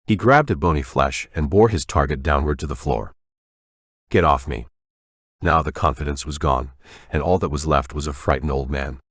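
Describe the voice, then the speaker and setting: A man narrating an audiobook in a measured, even storytelling manner on a close studio mic. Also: extremely low pitch, no echo. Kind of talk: scripted narration.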